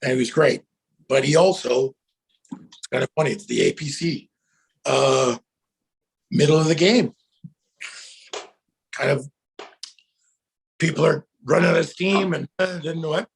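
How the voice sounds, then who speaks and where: A middle-aged man, a guest actor, telling stories in a casual interview, animated and breaking into loud shouts when he acts out the cheers he led. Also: a little high, measured pace, gravelly, long pauses.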